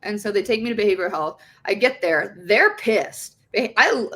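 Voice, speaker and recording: A woman's voice: medium pitch, expressive, moderate pace, fairly bright tone. Young woman, swearing, chatty storyteller. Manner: heavy use of "like" fillers; frequent swearing. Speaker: podcast guest. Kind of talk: casual conversational storytelling.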